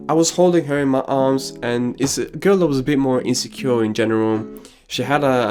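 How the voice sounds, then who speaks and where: A man giving casual, slangy commentary on an anime and telling personal anecdotes. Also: mid-range voice. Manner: casual and slangy, drops crude asides.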